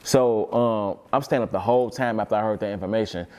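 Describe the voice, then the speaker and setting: A man's voice: on the low side, fairly quick, darkish tone, clean tone. A man talking as an interview guest, telling a long story in a rambling, repetitive way and swearing freely.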